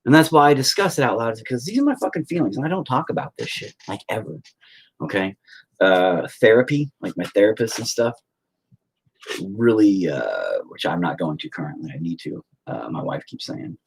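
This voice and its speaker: Husky-voiced man, livestreaming from home on a phone; rambling, profane, lively in pitch. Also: brisk. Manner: rambling, swears freely, animated storytelling. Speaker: livestreaming painter. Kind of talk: casual livestream chat.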